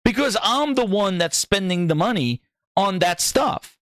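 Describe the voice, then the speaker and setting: Exasperated male gaming host, high lively voice, profane rant, dry close sound. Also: measured pace, no echo. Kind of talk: ranting commentary.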